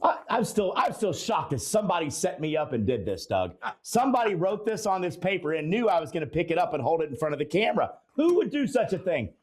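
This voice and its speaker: A man co-hosting a casual chat show, animated and chuckling, with playful mock outrage. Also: sits high, fast talker, few pauses, slightly rough. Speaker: podcast co-host.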